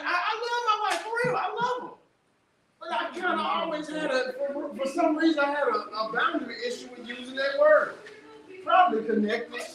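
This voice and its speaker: Man, workshop speaker, lively casual storyteller; distant mic, strong room echo, noisy background. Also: extremely high pitch. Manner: animated storytelling with casual vernacular. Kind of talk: testimony talk to an audience.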